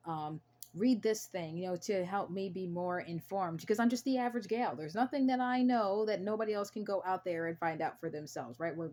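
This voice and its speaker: A young American woman speaks to camera in an earnest, emphatic way, often saying the same phrase twice for weight. Her voice sits low. A faint background hum runs under the talk. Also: a little mellow. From United States. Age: young adult. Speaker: channel host.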